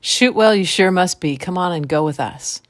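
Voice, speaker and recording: A woman voicing a bold, cheerful young man in a folk tale, with folksy country speech and a low voice. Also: lively intonation, normal speed, no echo, studio quality, natural voice. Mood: hearty greeting. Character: bold young male adventurer, cheerful and sure.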